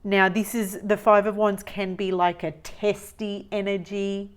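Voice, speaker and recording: A woman giving a tarot reading, musing slowly and repeating phrases as she reads the cards. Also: mid-range voice, flat delivery, clear, resonant tone. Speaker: tarot reader.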